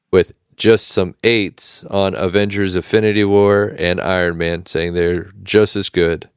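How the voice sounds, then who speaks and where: A man's voice: deep voice, smooth, no echo. An American man hosting a casual podcast chat, rambling, joking and correcting himself as he goes. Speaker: podcast host keeping the notes. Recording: dull lo-fi mic, dry.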